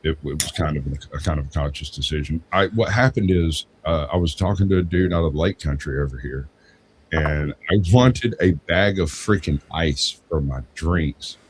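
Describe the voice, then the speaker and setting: A man's voice: rumbling low, normal speed, slight background noise. A man from Georgia with a Southern accent, telling a rambling story in a casual podcast chat. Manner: rambling storyteller, animated when quoting others.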